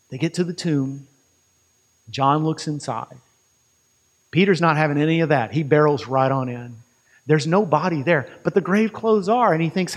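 Brief: male preacher, fairly high voice, vivid storytelling sermon. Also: in a large hall. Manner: vivid retelling with quick restarts.

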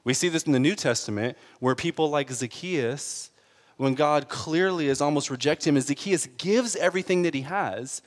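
A man's voice: a little high, normal speed, long reverb tail. A man preaching a sermon in an earnest, conversational way, building to emphatic peaks. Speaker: pastor.

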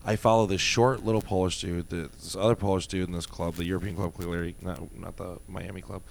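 A young man in casual chat, telling animated stories and swearing freely. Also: low-pitched, fairly quick, creaky.

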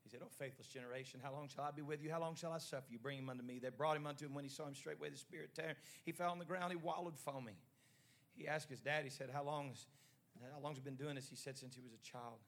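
A man preaching a sermon in short rhythmic phrases that build to shouting. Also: on the high side, fairly even intonation, quick pace.

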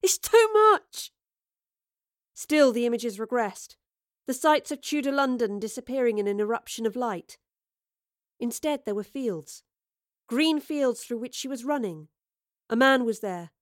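A woman giving scripted audiobook narration of a story in a measured, vivid storytelling manner. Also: a little high, no room sound, studio quality.

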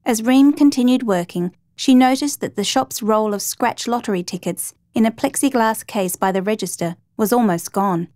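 A woman narrating a true crime story in a steady, measured reading voice. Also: fairly high pitch, no room sound.

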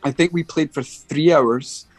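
A middle-aged Scottish musician, appearing as a guest in a casual interview, tells a rambling story, often restarting his sentences and acting out quotes. His voice is a little high and his pace measured, with no room sound and faint music behind him.

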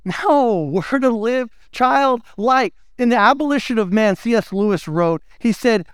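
Man, pastor, sermon, high voice, clear and smooth tone, dry sound, playful. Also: a little slow, few pauses, no room sound. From United States. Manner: animated, playful storytelling.

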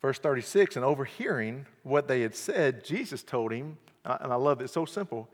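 A man preaching an earnest evening sermon, repeating key phrases and swinging from quiet to loud emphasis. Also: medium pitch, lively intonation, brisk. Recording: long hall reverb.

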